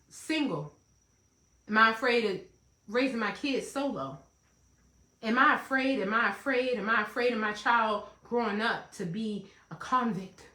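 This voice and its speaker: A woman's voice: on the high side, bright, forceful tone, echoey room. A woman giving a motivational self-help talk, emphatic and repetitive, breaking into playful asides. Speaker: life coach hosting a self-help talk.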